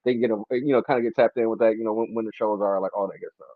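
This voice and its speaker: Male radio host, relaxed and halting, over a thin phone-like line. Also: on the low side, no room sound. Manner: laid-back, hesitant, filler-heavy. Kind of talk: casual interview chat.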